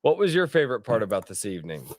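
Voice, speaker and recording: A man's voice: on the low side, very fast, no room sound, clean studio sound. A man hosting a tabletop game stream, chatting casually and joking with the players. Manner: animated, joking, swearing. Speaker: host and player.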